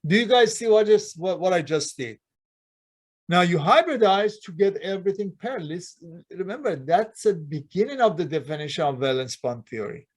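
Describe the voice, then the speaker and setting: A man's voice: high voice, lively intonation, moderate pace. A man teaching a chemistry class, constantly quizzing students with rhetorical questions and speaking with non-native grammar. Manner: non-native grammar, dropped plurals and articles. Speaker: chemistry lecturer. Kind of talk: classroom lecture. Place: lecture hall.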